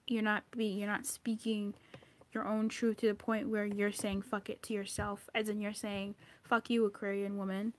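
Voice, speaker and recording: A woman's voice: mid-range voice, monotone, normal speed. Blunt, profane woman tarot reader. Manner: blunt and profane, exasperated scolding. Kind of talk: intuitive card reading.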